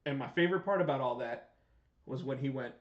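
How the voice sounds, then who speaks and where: Excitable man in an echoey room. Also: medium pitch, fast. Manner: excitable, rambling with many restarts. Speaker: show co-host. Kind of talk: casual live-stream chat. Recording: echoey room, dull lo-fi sound.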